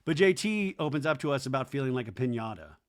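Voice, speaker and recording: A man's voice: medium pitch, lively intonation. A man hosting a podcast, recapping a reality show with gossipy jokes and asides. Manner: gossipy, joking, quick asides. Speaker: podcast host.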